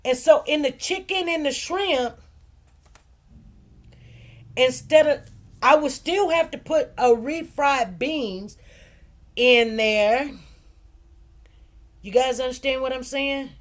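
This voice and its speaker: A woman hosting a casual livestream, chatty and rambling, repeating phrases and talking in relaxed informal grammar. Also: on the high side. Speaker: livestream host and food truck owner.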